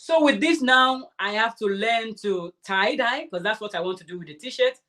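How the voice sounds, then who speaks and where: A woman hosting a crafting livestream, chatting casually and warmly answering her viewers' comments. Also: on the high side, moderate pace. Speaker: crafting channel host.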